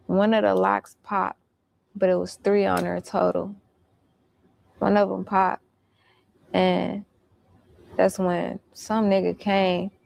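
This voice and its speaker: A woman's voice: medium pitch, creaky, darkish tone. A woman recounting events in casual storytelling, blunt and profane.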